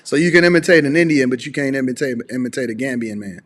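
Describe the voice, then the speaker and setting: A man's voice: mid-range voice, quick pace, a bit bright. A man hosting a talk show, teasing and needling a caller with repeated slangy questions. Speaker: podcast host. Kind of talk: teasing call-in banter.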